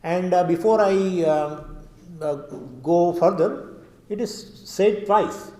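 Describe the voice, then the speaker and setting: A man teaching scripture and explaining it in an earnest, emphatic way, pausing on fillers. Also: high-pitched, mellow. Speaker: Vedanta teacher. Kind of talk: scripture lecture. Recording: roomy hall reverb.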